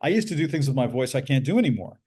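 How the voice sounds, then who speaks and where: A middle-aged man with a bass-baritone voice, a voice actor speaking as a podcast guest and explaining things at length in a measured, casual way. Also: very animated, warm tone, slightly rough. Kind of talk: casual interview talk.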